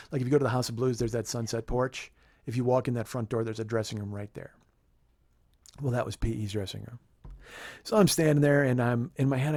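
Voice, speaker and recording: A podcast host telling a comedic story in an animated, profane, rambling way. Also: male voice, mid-range voice, no room sound.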